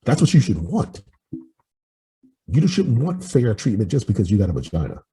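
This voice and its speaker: A man's voice: lowish voice, huge pitch swings, moderate pace, warm tone, husky, low-quality recording. A man in his forties talking bluntly in casual podcast chat, giving strong opinions with some swearing. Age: 40s. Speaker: podcast host and life coach.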